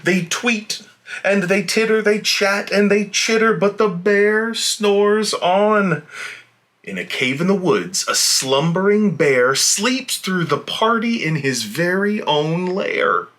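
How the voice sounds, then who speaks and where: A man reading a children's picture book aloud in a playful, animated way, giving the animals little voices, then chatting casually to young viewers. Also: high voice, unhurried. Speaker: children's story reader.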